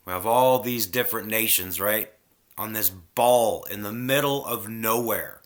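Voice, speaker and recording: A man's voice: lowish voice, measured pace. A man in a casual spiritual rant, heated and preachy, swearing freely.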